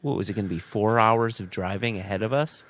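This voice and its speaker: A middle-aged man co-hosting a podcast in casual chat, telling stories in an animated way and laughing at himself. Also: fairly low pitch, brisk, no echo. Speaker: podcast co-host.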